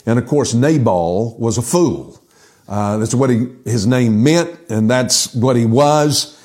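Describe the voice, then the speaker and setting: A man's voice: mid-range voice, takes it slowly. Male pastor telling Bible stories. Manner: lively storytelling, acting out quotes. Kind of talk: sermon.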